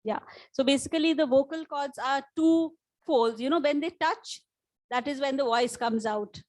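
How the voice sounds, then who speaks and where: High-voiced Indian woman telling her story. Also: normal speed, darkish tone, low-quality recording. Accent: Indian English. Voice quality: slightly husky after vocal cord damage. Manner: earnest storytelling, rising emphasis on key points. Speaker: life coach. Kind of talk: motivational talk to an audience. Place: conference hall before a live audience.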